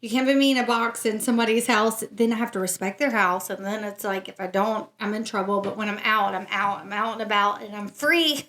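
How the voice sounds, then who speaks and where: A woman from New Jersey hosting a podcast in casual chat, sassy and quick, laughing often and a little tipsy from tequila shots. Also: medium pitch, steady tone, a bit bright. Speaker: podcast host.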